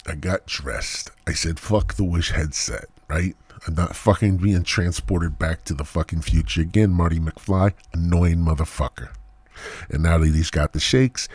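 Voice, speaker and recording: On his new headset mic, a solo podcast host speaks in a low, slightly mellow, husky voice with no echo at all. His comedic monologue is rambling and full of swearing, wandering off into muttered side comments.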